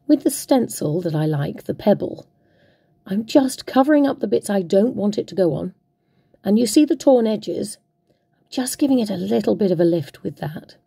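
A woman's voice: mid-range voice, gravelly, dark tone, husky, no room sound. A woman hosting a craft tutorial, chatting playfully and talking to herself as she works. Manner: chatty, playful, talks to herself while working. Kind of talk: casual crafting demonstration.

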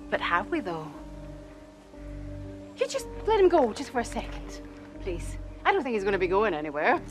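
An actress playing a sharp-tongued female amateur detective with a taunting, probing, theatrical manner. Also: medium pitch, wildly swooping pitch, moderate pace, music in the background.

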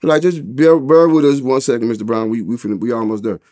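A man telling a story in a casual interview, talking in heavy street slang and profanity, his voice jumping up loud and high whenever he acts out what people said. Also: fast, no echo, clean studio sound. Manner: animated retelling with loud, high quoted exclamations. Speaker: interview guest.

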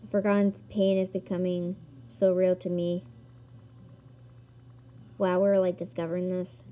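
A woman's voice: on the low side, little pitch movement, a little slow, muffled recording. A woman giggling and exclaiming as she plays a video game and reads its text aloud. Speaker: gamer. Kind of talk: let's-play commentary.

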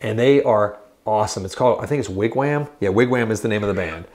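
A man's voice: fairly low pitch, fast talker, darkish tone. A man co-hosting a casual chat in a guitar shop, joking around and breaking into silly voices. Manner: playful, jokey, breaks into sung bits and silly voices. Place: guitar shop in an old bowling alley.

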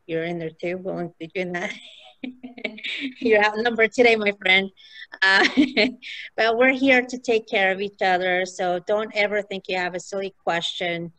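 A woman leading a casual real estate training session, chatty and quick to laugh. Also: fairly low pitch, a bit bright, poor audio.

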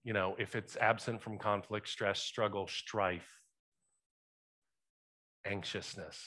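A man's voice: lowish voice, fairly even intonation, takes it slowly, sharp tone. A male pastor preaching a sermon in a church, talking conversationally and asking the congregation questions. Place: church sanctuary.

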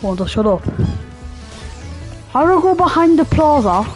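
A woman giving rambling, joking commentary while playing a video game, yelling at the game now and then. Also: high-pitched, sing-song, moderate pace. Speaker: gamer. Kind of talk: casual gaming commentary. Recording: game music playing behind. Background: game music.

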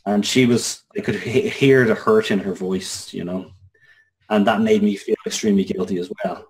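A man's voice: on the low side, fairly even intonation. An Irish man in his thirties, a guest telling a personal story with many restarts. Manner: halting, many restarts and fillers. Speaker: interview guest.

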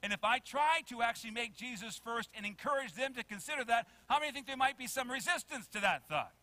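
A male pastor preaching a sermon in a church, animated, acting out quotes and asking the congregation questions. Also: very high-pitched, quick pace, no echo. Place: church sanctuary.

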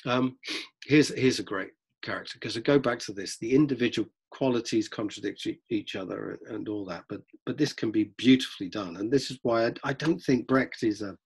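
A middle-aged man, a drama teacher, lecturing students in a lively way and acting out examples as he goes. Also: medium pitch, brisk, creaky, slightly rough. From London, England. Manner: lively, acts out examples, frequent restarts. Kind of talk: lecture-style talk to students.

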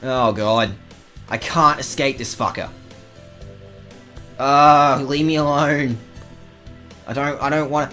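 A woman's voice: rumbling low, lively intonation, a bit bright, faint music behind. A woman commenting casually on a game as a let's-play host, profane and sarcastic. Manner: profane, sarcastic, slow drawling.

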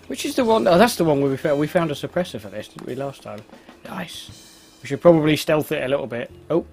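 A man's voice: on the high side, expressive, brisk, gravelly, darkish tone, soft background music. A man giving casual, self-mocking commentary while playing a video game. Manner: chatty, exclaims at the game, laughs at himself. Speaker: let's play host.

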